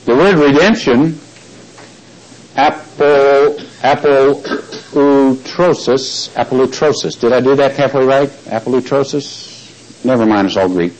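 A man preaching a Bible teaching sermon, stressing key words slowly and quizzing the congregation with questions. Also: medium pitch, a little mellow, low-quality recording.

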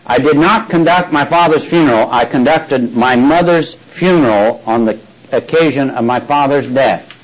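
A man's voice: mid-range voice, normal speed, poor audio. An older man preaching a folksy sermon, often asking his listeners questions and reading scripture aloud. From Texas.

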